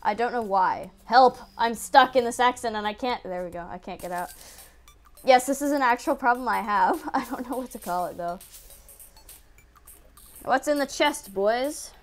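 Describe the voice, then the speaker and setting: A woman giving casual let's-play commentary, excitable, yelping at enemies and muttering to herself. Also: a little high, normal speed, soft background music. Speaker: gaming video creator.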